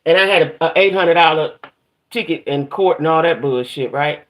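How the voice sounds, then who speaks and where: A woman's voice: deep voice, moderate pace. A middle-aged woman hosting a casual livestream. She vents about her day in a profane, aggravated way and greets chat viewers by name as she goes. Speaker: livestream host.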